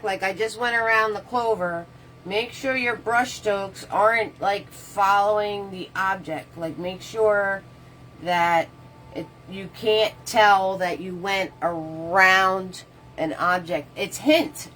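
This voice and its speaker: Taking things slowly, a woman with a medium-pitched, somewhat bright voice teaches painting live and informally, chatting, answering viewer comments, and laying out each step in a relaxed, loose way. There's slight background noise and the audio is poor.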